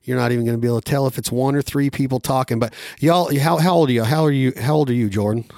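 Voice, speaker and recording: A man's voice: medium pitch, vocal fry, darkish tone, no room sound, clean studio sound. A man hosting a casual podcast interview from a hunting camp, firing off upbeat questions. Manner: upbeat, rapid-fire questions. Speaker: podcast host.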